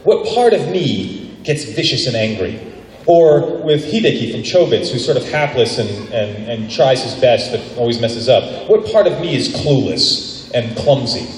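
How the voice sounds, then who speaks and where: A man who teaches voice acting, answering an audience question at a convention panel in an animated, playful way. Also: mid-range voice, a little slow. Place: large convention panel room. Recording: echoey hall recorded from far off.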